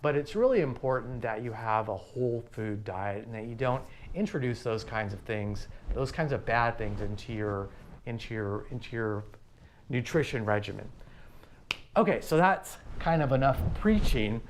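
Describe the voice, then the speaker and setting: A man in his fifties leading a livestream workout class, talking plainly and slowly with many pauses and ums. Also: medium pitch, a little hiss or hum. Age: 50s. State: out of breath. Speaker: fitness instructor.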